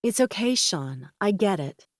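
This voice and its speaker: A woman voicing a gentle, reassuring young woman, the romantic lead of an audiobook. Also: medium pitch, big pitch swings, unhurried, no echo, studio quality.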